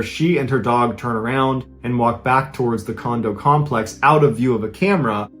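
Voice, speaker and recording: Male podcast host, relaxed conversational true-crime narration, mid-range voice, soft music bed. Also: medium pitch. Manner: conversational, casual retelling.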